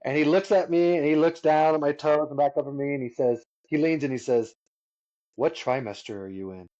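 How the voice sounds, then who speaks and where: A man's voice: on the high side, steady tone, a little fast, mellow. A man in his thirties, a guest musician telling stories casually and laughing often. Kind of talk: casual storytelling. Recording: dull lo-fi sound.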